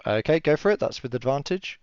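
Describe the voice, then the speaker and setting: A man running a tabletop game as game master, relaxed and chatty, laughing often and yelling enemies' cries in high voices. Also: fairly quick, clean tone. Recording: dull lo-fi stream audio, dry.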